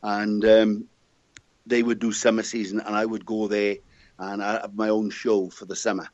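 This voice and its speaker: A man's voice: fairly low pitch, flat delivery, moderate pace, darkish tone, dry recording, muffled recording. An older Welsh man chatting as an interview guest, telling jovial stories from his past. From Wales. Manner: chatty, jovial anecdote teller. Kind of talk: casual interview storytelling.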